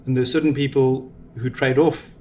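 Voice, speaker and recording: Middle-aged male guest, measured explainer, mid pitch, faint noise. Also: fairly even intonation, darkish tone. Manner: measured, explanatory, gives examples. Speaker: venture capital guest. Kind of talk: reflective interview answers.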